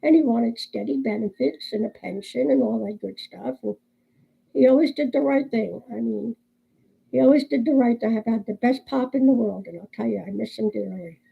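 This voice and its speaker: Gravelly older woman vlogger, chatty. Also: on the high side, normal speed, narrow, tinny audio. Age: 60s. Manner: chatty, laughs often, animated storyteller. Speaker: crochet vlogger. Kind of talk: casual chat and joke storytelling.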